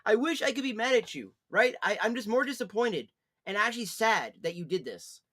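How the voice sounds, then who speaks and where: A man on a casual live stream, scolding someone in profane rants that swing from low, weary sighs to loud yelling. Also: expressive, fairly quick.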